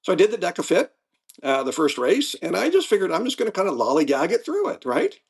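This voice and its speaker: Guest, man in his seventies: slightly high, raspy-fry voice, animated anecdotes. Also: quick pace. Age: 70s. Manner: lively storyteller, acts out race moments. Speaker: guest athlete. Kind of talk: casual interview chat.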